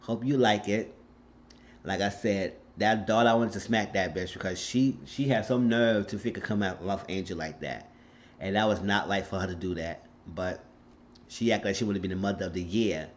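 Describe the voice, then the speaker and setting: A man's voice: fairly low pitch, normal speed, dull audio. A man recapping a TV episode in a casual, outspoken and profane way, getting openly indignant. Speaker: recap vlogger.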